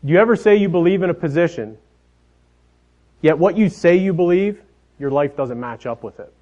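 A man in his thirties preaching a sermon, telling family stories in a folksy way, often dropping softer at the ends of his phrases. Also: a little high, animated, normal speed. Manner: folksy storytelling, trailing off softly at phrase ends. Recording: dull lo-fi sound.

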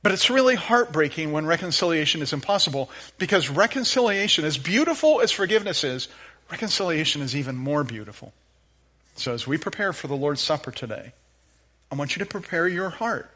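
A man preaching a sermon as pastor, telling a Bible story with lively, acted-out dialogue. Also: on the high side, fairly quick.

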